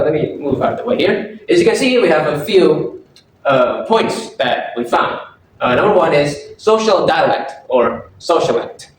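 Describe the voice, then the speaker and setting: A young man giving a class presentation, halting, with many fillers and self-corrections. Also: fairly high pitch, slight background noise. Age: young adult. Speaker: student presenter. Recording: echoey room, far from the mic.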